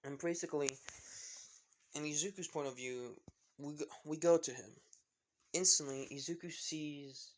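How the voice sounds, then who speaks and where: A man casually telling a fan-fiction story, rambling with many fillers and restarts. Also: on the high side.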